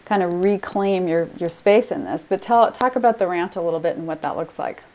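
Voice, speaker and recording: Middle-aged woman host, lowish voice, reflective and affirming. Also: a little fast, mellow. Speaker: interview host. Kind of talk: conversational interview.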